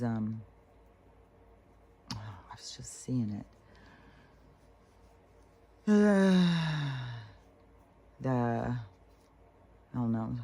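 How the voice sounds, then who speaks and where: A woman in a casual vlog monologue, talking candidly and rambling, with pauses and restarts. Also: extremely low pitch, warm tone. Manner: candid, rambling, mocks serene voices in breathy whispers. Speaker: vlogger.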